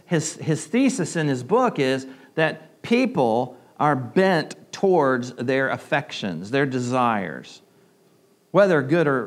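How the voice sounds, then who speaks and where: A pastor with a slight southern US accent preaching a conversational sermon, often repeating words and asking the congregation questions. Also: male voice, medium pitch.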